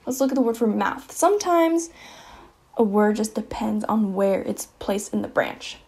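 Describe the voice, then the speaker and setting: A woman giving a casual slideshow lesson, saying each example word twice, with fillers and quick self-corrections. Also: a little high, gravelly, a little mellow, slightly rough. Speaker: presenter explaining languages.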